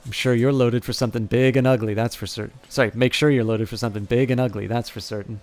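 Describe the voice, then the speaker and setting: A man's voice: medium pitch, steady tone, quick pace, a little mellow, natural voice. A man voicing a brash, wry former ranger turned mercenary, blunt and folksy, in a near-everyday voice.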